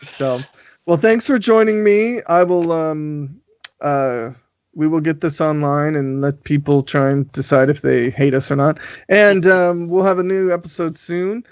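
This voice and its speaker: An American man hosting a podcast in casual chat, chatty and quick to laugh, with many restarts. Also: fairly high pitch, smooth, no echo, dull audio. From United States. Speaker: podcast host.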